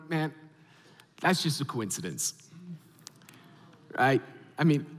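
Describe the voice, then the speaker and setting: A man in his thirties preaching a sermon as a pastor, telling a story with animated, acted-out reactions. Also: high-pitched. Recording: long hall reverb.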